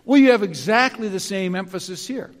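A man preaching a sermon, deliberate and repeating key phrases for emphasis. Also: high-pitched. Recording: long reverb of a large hall.

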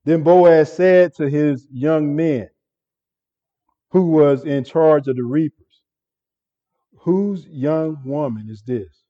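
Pastor, male, slow deliberate earnest sermon delivery, dull lo-fi recording. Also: fairly high pitch, mellow. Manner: earnest, repeats words and restarts often. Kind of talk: expository sermon.

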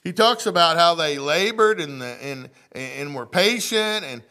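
A man's voice: fairly high pitch, lively intonation, measured pace, bright, forceful tone. A male pastor, preaching a sermon in church, reading scripture aloud and asking the congregation questions. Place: church sanctuary.

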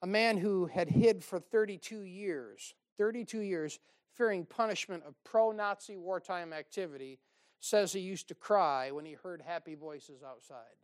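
A man's voice: high-pitched, measured pace, clean tone. Folksy preacher, man. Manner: folksy, exhorting, with asides and laughs. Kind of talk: sermon.

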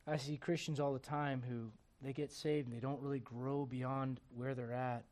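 A man preaching a sermon. He swings between quiet, close asides and loud, emphatic preaching, and keeps asking his listeners rhetorical questions. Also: mid-range voice, level tone, normal speed. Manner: asks the congregation rhetorical questions.

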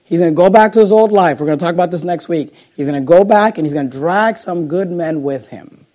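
A male pastor preaching a sermon and reading scripture, moving between loud emphasis and hushed, slowed lines. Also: fairly high pitch. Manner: dramatic swings between loud emphasis and hushed, slow delivery.

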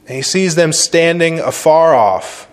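Male pastor, sermon, fairly high voice, emphatic, repeats phrases, loud stresses then quiet slow points.

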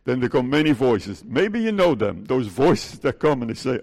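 A man's voice: medium pitch, big pitch swings, normal speed, a little mellow, in a large hall. A male pastor preaching an earnest sermon, pleading and putting questions to his congregation. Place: church.

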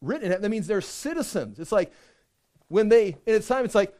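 A male preacher with a high-pitched voice delivers an animated sermon. He reads scripture and breaks into quick acted-out asides to make his points. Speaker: pastor.

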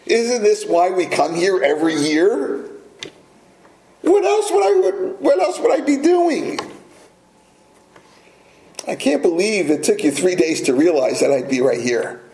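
A man's voice: high-pitched, animated, unhurried, long pauses, darkish tone, pitched above the performer's own voice. A man voicing an exasperated preteen boy who talks back to his mother in disbelief. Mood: incredulous. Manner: incredulous, emphatic. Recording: echoey room.

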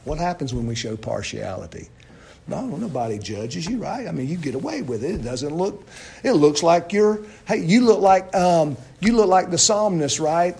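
A man preaching a sermon, asking his listeners loud questions and dropping to low, hushed lines. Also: lively intonation, normal speed, creaky, breathy edge.

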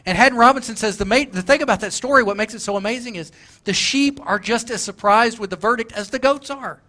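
Bright-voiced preacher, earnest and emphatic. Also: male voice, extremely high pitch, fast talker. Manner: earnest, emphatic, repeating key lines. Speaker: pastor. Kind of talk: sermon.

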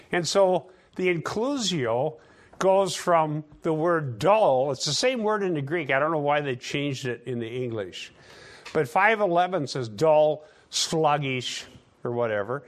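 A man's voice: fairly high pitch, fairly bright tone. A man preaching a sermon, teaching conversationally with sarcastic asides and building emphasis.

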